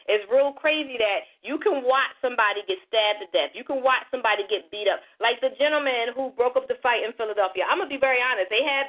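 A woman in her forties hosts a casual talk radio chat, telling stories in a blunt, profane, fired-up way. Her voice sits high, and the sound is narrow and tinny, like a phone line. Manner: blunt, profane, impassioned storytelling. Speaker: radio show host.

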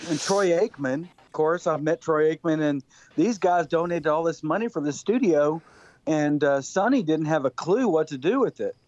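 A man's voice: fairly high pitch, animated, normal speed, a little mellow, no room sound. A man from West Texas, a country singer-songwriter, telling stories as a guest in a rambling, laughing way that repeats words. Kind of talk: casual storytelling. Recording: dull lo-fi sound.

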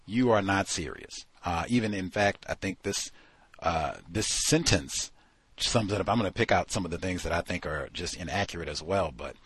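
Deep, husky-voiced man critiquing a book. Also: moderate pace, fairly bright tone, dry recording. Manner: exasperated, sarcastic, with many fillers. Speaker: podcast host. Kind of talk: critical book review commentary.

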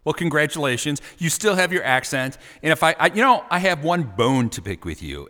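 A male talk show host with a bright, fairly high voice that swoops up and down as he teases his guest. His delivery is playful and animated, and a long reverb trails behind every line. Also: fairly quick, few pauses.

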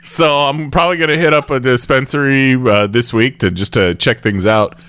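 A man's voice: medium pitch, moderate pace, fairly bright tone, clean tone. A man hosting a podcast in casual chat, rambling with restarts and laughing often. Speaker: podcast host.

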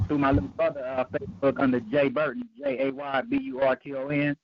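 Halting man co-hosting a radio show. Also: mid-range voice, animated, vocal fry, a little hiss or hum. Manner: halting, many fillers and restarts. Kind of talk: casual sign-off. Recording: dry, dull lo-fi line.

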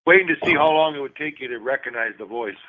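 A man's voice: medium pitch, fast talker. Dry-talking man on a phone line. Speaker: caller. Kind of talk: casual phone banter.

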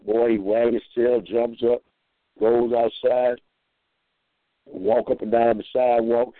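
Male minister calling in, mid-pitched, folksy and rambling, over a dry, tinny phone line. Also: flat delivery, unhurried, pauses often, dry recording. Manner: rambling, repeats himself, acts out voices. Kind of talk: folksy storytelling and preaching.

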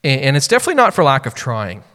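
A man's voice: medium pitch, wildly swooping pitch, very fast, bright, forceful tone. A man in his thirties preaching a sermon as a pastor, speaking earnestly and personally in a conversational way with many fillers. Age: 30s. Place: church sanctuary. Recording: long hall reverb.

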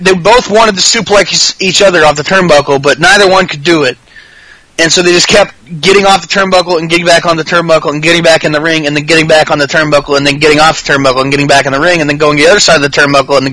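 A man's voice: a little high, bright, forceful tone, dry recording, rough recording. A man hosting a podcast, chatting casually in a rambling, profane, jokey way. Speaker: podcast host. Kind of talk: casual chat.

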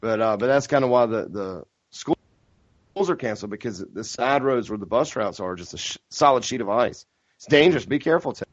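A man's voice: medium pitch, expressive, brisk, no echo. A man with a Southern US accent, co-hosting a podcast in a laid-back, casual way. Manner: laid-back, says man and dude a lot. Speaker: podcast co-host. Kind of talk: casual chat. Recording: dull lo-fi podcast audio, dry.

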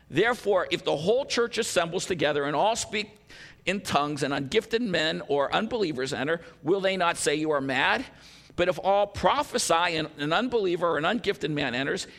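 Gravelly-voiced high man preaching. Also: bright, forceful tone. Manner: teaching verse by verse, with asides and a light joke. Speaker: pastor. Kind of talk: sermon.

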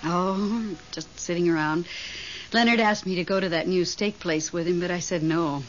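An actress playing a nervous, devoted middle-aged widow in a 1970s radio drama, fretful and excitable. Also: female voice, lowish voice, moderate pace, natural voice. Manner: fretful, excitable, talks on the phone. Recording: dull vintage radio broadcast, faint hiss.

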